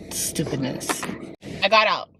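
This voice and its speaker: A young woman from Canada, chatting casually to the camera as a fitness vlogger, expressive and given to dramatic complaints. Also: low-pitched, vocal fry, very noisy. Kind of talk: casual vlog chat.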